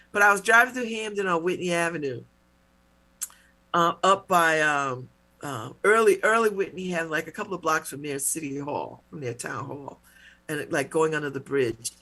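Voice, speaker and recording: A middle-aged woman who hosts a radio talk show tells a personal story casually and with animation, slipping into mock-indignant retellings. Her voice sits in the mid range.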